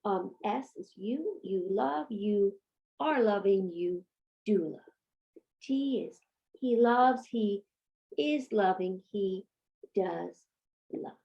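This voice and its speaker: A woman's voice: mid-range voice, expressive, takes it slowly, gravelly, long pauses, muffled recording. A woman giving a patient homeschool Latin lesson, asking and answering her own questions. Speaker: Latin teacher.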